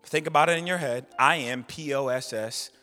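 A man preaching a sermon as pastor, swinging between hushed low lines and loud shouted bursts. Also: normal speed. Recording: hall reverb, faint music behind.

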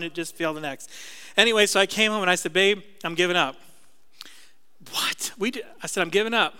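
Bright-voiced man preaching in a hall. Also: high voice, clean tone. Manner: conversational, self-deprecating storytelling. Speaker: pastor. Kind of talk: sermon.

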